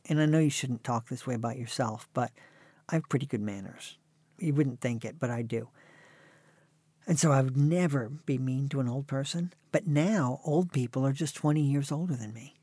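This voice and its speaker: A man's voice: medium pitch, expressive, moderate pace, a little mellow, dry recording. Wry dry-voiced man in his sixties. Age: 60s. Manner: dry, wry, self-mocking humor. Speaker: author and guest. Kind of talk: conversational storytelling.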